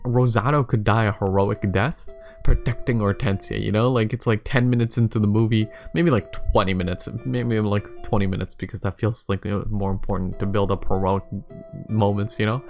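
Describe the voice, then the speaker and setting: A man casually thinking aloud while ranking game characters, rambling with lots of fillers. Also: on the low side. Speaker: YouTuber. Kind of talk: casual commentary for a tier list.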